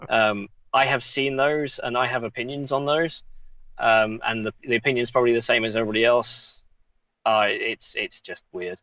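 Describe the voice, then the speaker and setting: A man from England with a mixed English accent, chatting casually on a live Q&A, halting and restarting often. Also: medium pitch, steady tone, pushed and bright, dry recording, lo-fi sound. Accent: mixed English, Essex and Yorkshire traces. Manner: halting, many restarts, reads chat questions. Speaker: guest.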